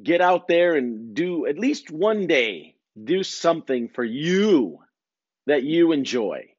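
A man's voice: fairly high pitch, sing-song, slow pace, a little mellow, breathy edge, no echo, lo-fi sound. A man in his forties hosting a podcast, talking in a casual, profane, meandering way and poking fun at himself. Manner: profane, meandering, self-mocking. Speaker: podcast host. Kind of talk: casual rambling monologue.

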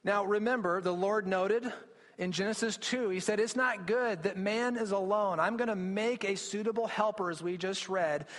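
Male pastor, high voice, earnest sermon, echoing church hall. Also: fairly bright tone. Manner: earnest, explanatory preaching with frequent restarts. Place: church sanctuary. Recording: long reverb of a church hall.

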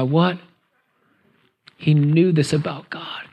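A man's voice: on the high side, fairly even intonation, slow, long pauses, a little mellow, husky. A middle-aged male pastor preaching in a conversational style, dropping to whispers and groans for emphasis. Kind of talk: sermon.

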